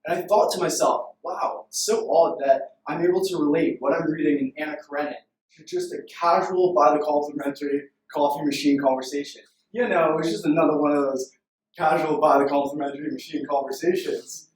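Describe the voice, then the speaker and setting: A young man from Canada giving a playful, self-deprecating story-driven pitch presentation to a room. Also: a little fast, recorded from a distance. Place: room full of people. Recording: echoey room recorded from afar.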